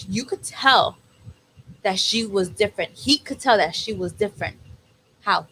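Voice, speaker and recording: Fields: Sex: woman. Role: podcast co-host. Style: emotional casual chat. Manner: animated, acts out quoted dialogue. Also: medium pitch, moderate pace, a little hiss or hum, poor audio.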